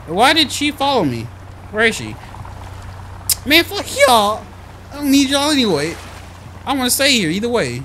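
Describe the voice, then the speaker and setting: A man commenting on his own horror game play, jumpy and foul-mouthed, talking to himself and shouting when scared. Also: extremely high pitch, very animated, normal speed, long pauses, a little hiss or hum. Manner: jumpy, profane, talks to himself. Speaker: gamer.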